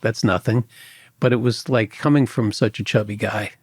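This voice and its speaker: A man, a former agent telling lively stories in a podcast interview and acting out other people's voices. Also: lowish voice, moderate pace, slightly rough, no echo, studio quality. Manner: animated anecdotes, acts out other people's voices. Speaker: former FBI agent guest.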